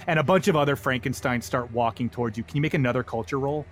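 A man narrating as game master of a comedy tabletop game, animated and joking. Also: mid-range voice, faint music behind. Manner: animated, joking, quick asides.

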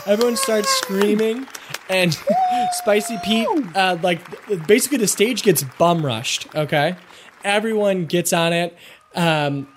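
A man narrating a comedy tabletop game as game master, animated and slipping into loud shouts for characters. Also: high voice, a little hiss or hum.

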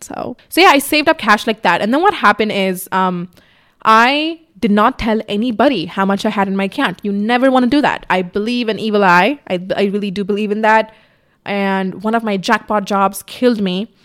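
A young podcast host with a fairly bright mid-range voice chats candidly about her own life. She swears a lot and does impressions of herself when quoting, all picked up by a camera set on a tripod before her.

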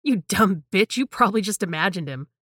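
A woman voicing a loud, brash, drunk young woman who slurs her words. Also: medium pitch, sing-song, a little fast, dry recording, studio quality. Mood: snapping.

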